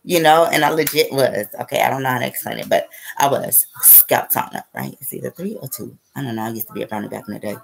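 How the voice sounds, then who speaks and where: She talks fast in a very deep, creaky voice over a rough recording. A spiritual vlogger, she rambles through a casual story, curses freely, and frequently drops in "okay?" and "right?"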